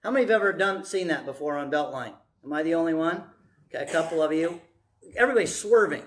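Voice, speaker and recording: A male pastor preaching a sermon to a congregation in church, emphatic, moving from hushed to loud. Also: a little high, lively intonation, fast talker.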